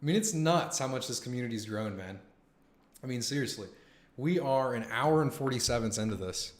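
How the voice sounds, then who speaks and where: With a mid-range voice and a brisk delivery, a young man runs a live stream and shoots the breeze with viewers. His talk is excitable and slangy, peppered with swearing and frequent "man" and "dude."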